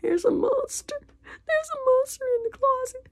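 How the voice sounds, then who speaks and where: A woman voicing a terrified little boy who cries out in high, wailing sobs. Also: expressive, moderate pace, no room sound.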